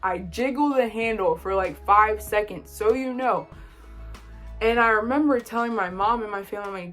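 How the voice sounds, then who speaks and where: A woman's voice: mid-range voice, normal speed, faint music behind. Chatty young woman telling a story. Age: young adult. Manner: animated, quoting others in lively bursts. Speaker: vlogger. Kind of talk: casual storytime.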